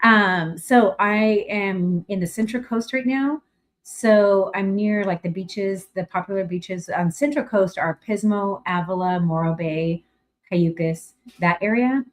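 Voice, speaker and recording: A middle-aged woman from California chats her way through a casual livestream. Her pitch sits in the middle of the range. She talks in a loose, rambling way, full of ums and restarts, and goes bright and gushing whenever she welcomes someone. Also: unhurried. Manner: chatty and rambling, with many fillers and restarts; bright and effusive when greeting viewers. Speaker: livestream host.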